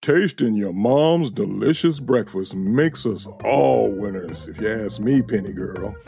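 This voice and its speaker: A woman voicing a deep-voiced, kindly toy companion who speaks slowly and drawn out. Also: expressive, creaky, warm tone, faint music behind, heavily acted. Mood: warm.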